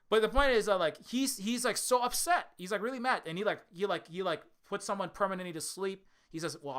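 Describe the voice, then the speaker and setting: A young man rants casually for his vlog, sarcastic and rambling, swearing freely. His voice sits a bit high and has a bright, forceful edge. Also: clean tone. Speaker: indie game developer.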